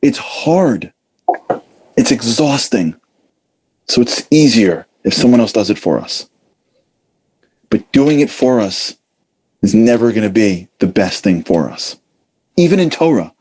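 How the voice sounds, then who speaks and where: Middle-aged male speaker, animated talk, dark husky tone, acts out quotes. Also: on the low side. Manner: animated, acts out voices, casual fillers. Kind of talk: lively motivational talk.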